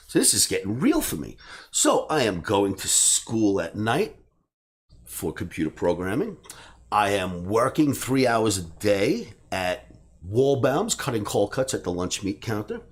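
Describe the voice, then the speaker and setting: A middle-aged man from the New York area telling a personal story, animated and acting out the dialogue. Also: mid-range voice. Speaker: trading educator and host.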